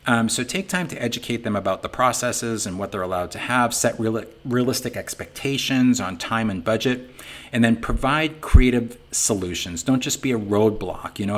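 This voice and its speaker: A man's voice: mid-range voice, moderate pace. A middle-aged man with a Boston accent giving an informal webinar talk, folksy and conversational, often saying "you know". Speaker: webinar presenter for a sign business software company.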